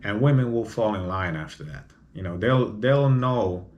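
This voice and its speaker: A man's voice: lowish voice, animated, moderate pace, muffled recording. A man hosting a solo podcast, talking bluntly and opinionatedly, often tacking on "you know?". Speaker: podcast host.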